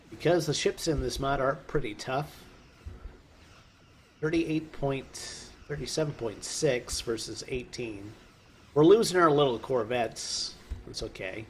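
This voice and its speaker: A man in the middle of a relaxed let's play, thinking aloud as he clicks through a strategy game. He rambles, makes small jokes, and corrects himself as he goes. His pitch sits in an ordinary middle range, with a faint hum of background noise under the voice. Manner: rambling, musing aloud with joking asides. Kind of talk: casual gameplay commentary.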